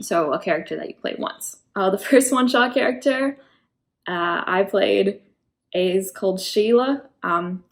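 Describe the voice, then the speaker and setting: A woman's voice: medium pitch, gravelly. A woman in her twenties chatting casually as a vlogger about her tabletop game characters, rambling a little and correcting herself as she goes. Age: 20s.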